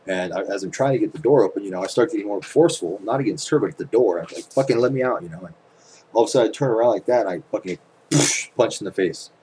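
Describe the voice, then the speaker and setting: A man with a very low voice rants straight to camera, swearing freely and stacking up rhetorical questions. A faint hum sits under his speech. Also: fast, mellow, rough recording. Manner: profane, emphatic storytelling with rhetorical questions. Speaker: channel host. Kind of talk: casual ranting monologue to camera. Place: at home.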